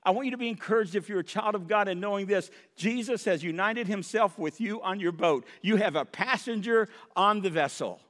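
Speaking fairly quickly with few pauses, a middle-aged male pastor delivers a sermon in a high-pitched, fairly bright voice. His preaching in the church sanctuary climbs to impassioned cries with wry jokes tucked in, all under a long hall reverb.

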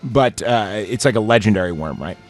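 A man's voice: lowish voice, lively intonation, brisk, faint music behind. A man hosting a casual chat, retelling a movie scene with lots of fillers and acting out the characters' lines. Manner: rambling with many fillers, acting out quoted lines. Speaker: podcast host.

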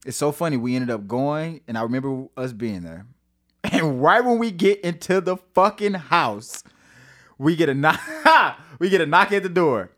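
A man from St. Louis, a singer-songwriter guesting on a podcast, telling his story in a casual, animated way with lots of fillers, swearing and laughter. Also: fairly high pitch. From St. Louis, USA.

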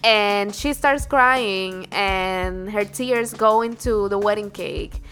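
A woman in a casual conversation about a film, expressive and quick to laugh. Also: mid-range voice, faint music behind. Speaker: co-host discussing a film. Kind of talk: casual chat.

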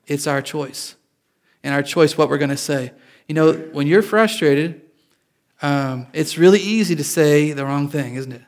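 A man's voice: fairly high pitch, moderate pace. A man preaching a sermon in a casual, confessional way, joking with his listeners. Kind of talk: conversational sermon.

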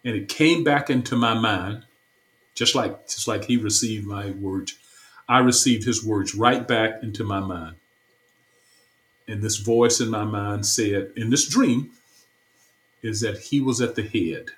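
A man's voice: on the low side, unhurried, fairly bright tone, low-quality recording. A man, a church stake president, earnestly telling a personal story in an interview, often repeating himself.

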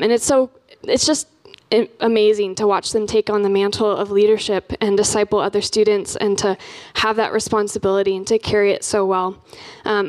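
Brief: young woman, campus missionary, chatty church talk, pitched a bit high, lots of ums. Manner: chatty, frequent "um" and "like" fillers.

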